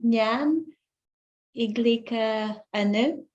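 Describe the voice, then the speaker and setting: A woman's voice: fairly high pitch, extremely slow, a little mellow, lo-fi sound. A woman co-hosting a language show, chatting casually with brief, agreeable replies. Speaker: co-host. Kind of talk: casual conversation.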